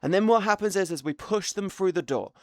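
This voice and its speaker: A man's voice: high voice, lively intonation, brisk, no echo. A British man streaming live, ranting with a lot of swearing in a casual, exasperated way. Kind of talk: casual livestream rant.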